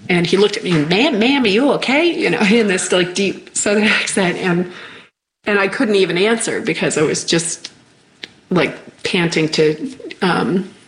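A middle-aged woman with a somewhat low voice tells a personal story in an interview. She speaks in a halting, reflective way and often trails off before she finishes a thought. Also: poor audio. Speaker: interview guest.

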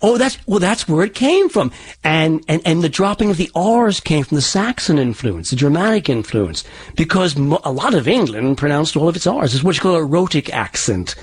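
A man who is a dialect coach, explaining accent history in a halting way with frequent restarts. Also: fairly high pitch, very animated, slightly rough. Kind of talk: interview answers.

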